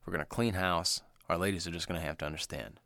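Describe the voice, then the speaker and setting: A man co-hosting a podcast in profane, excitable casual chat, laughing often. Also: low voice, fast talker, gravelly. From United States. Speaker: podcast co-host.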